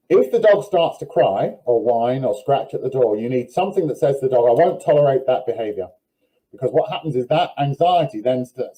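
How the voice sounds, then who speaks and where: A man's voice: mid-range voice, mellow, low-quality recording. A man working as a dog trainer, giving direct, firm advice in a live question-and-answer session over a video call.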